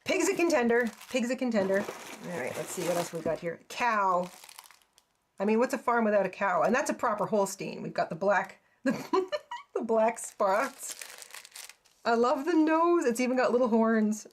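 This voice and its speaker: A woman's voice: fairly high pitch, normal speed, slight background noise. A woman hosting a crafting channel, chatting casually and gushing over each piece with frequent exclamations and little laughs. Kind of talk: casual unboxing chat.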